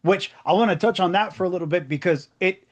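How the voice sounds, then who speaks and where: A man's voice: high-pitched, quick pace. Eager man rating matches. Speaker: podcast co-host. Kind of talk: casual chat.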